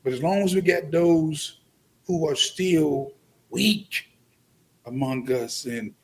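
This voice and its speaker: A man speaking as a guest on a live podcast, making slow, deliberate, forceful statements. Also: fairly high pitch, slightly rough. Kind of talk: live-stream podcast discussion.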